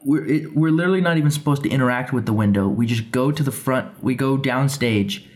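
A man's voice: medium pitch, a little fast, darkish tone. A young man chatting casually on a podcast, telling stories animatedly and acting out quoted voices. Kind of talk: casual chat.

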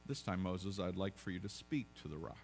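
Calm, low, hushed divine voice giving commands, played by a preacher. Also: male voice, creaky, a little hiss or hum. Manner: calm, quiet, measured.

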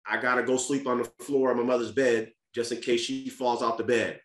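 A man's voice: medium pitch, steady tone, fairly quick. A man speaking as a podcast guest, telling a candid personal family story in an earnest, casual way, often restarting and repeating words. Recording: roomy echo.

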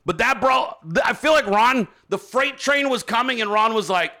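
A man hosts a political commentary show in a bright, sharp voice pitched high for a man. He rants hard, mocking his targets and swearing freely. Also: expressive, normal speed, hardly any pauses. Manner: profane, mocking, ranting. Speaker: show host.

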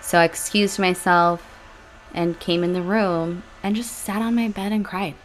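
Candid woman podcaster, low voice. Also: steady tone, measured pace, a little hiss or hum. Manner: candid, emotional, reflective, with sighs and soft laughs. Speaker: podcast host. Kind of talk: personal podcast monologue. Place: home room with leaf blower outside.

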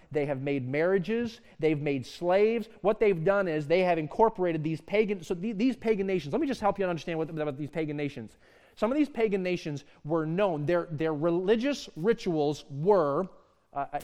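High-voiced impassioned male preacher. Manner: impassioned, climbs to loud emphatic peaks; frequent stammered restarts. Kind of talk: sermon.

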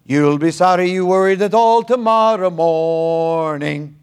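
A man putting on the voice of an elderly Scottish preacher, singing a hymn in a cheerful, drawn-out sing-song. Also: high voice, darkish tone, smooth.

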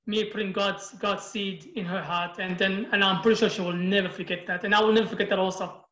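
A man's voice: high-pitched, little pitch movement, brisk, a bit bright, reverberant, lo-fi sound. A man born in Iraq, a youth group leader, talking as a guest in an emphatic, passionate way and often quoting himself. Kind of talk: casual interview storytelling.

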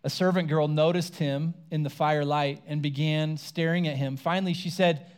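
A pastor with a slightly higher-than-usual male voice delivers a sermon in a relaxed, talky manner. He retells scripture as if chatting with friends and briefly acts out the characters' words. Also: moderate pace, clean tone. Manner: casual conversational preaching, acts out quoted lines.

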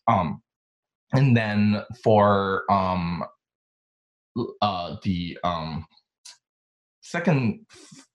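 A Chinese designer in his thirties tells his life story as a guest in a casual interview, chatting animatedly with lots of fillers. His voice is lowish and the recording is low quality.

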